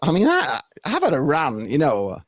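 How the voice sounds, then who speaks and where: A man's voice: on the high side, normal speed, no room sound. Man, podcast guest, casual football chat, rambling, laughs a lot, dry sound. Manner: rambling, animated, laughs often.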